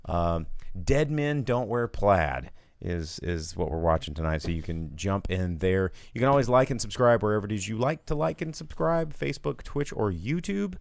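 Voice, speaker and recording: A man's voice: on the low side, lively intonation, moderate pace, gravelly, no echo. A man hosting a casual movie podcast, rambling and sarcastic as he talks through box office numbers. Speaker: podcast host.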